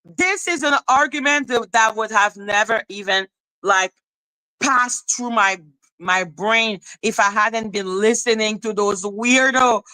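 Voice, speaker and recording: A woman's voice: on the high side, measured pace, bright, forceful tone, dry recording, poor audio. A woman hosting a commentary channel, ranting in an exasperated, profane and mocking way and repeating questions in disbelief.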